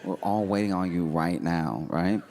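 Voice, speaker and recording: A man doing stand-up, telling a story in a deadpan, laid-back way with laughing asides. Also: sits low, normal speed, some chatter behind. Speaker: stand-up comedian.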